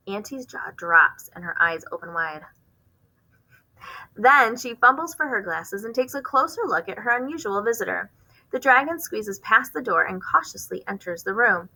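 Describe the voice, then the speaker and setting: A woman reading a children's novel aloud, expressive, with occasional stumbles and rereads. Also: medium pitch, moderate pace, low-quality recording. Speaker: reader hosting a book channel.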